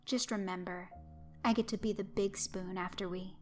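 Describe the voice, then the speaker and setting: A woman's voice: mid-range voice, steady tone, normal speed, soft background music, natural voice. A woman voicing a crude, cocky young killer. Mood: teasing. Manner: teasing, foul-mouthed, cocky.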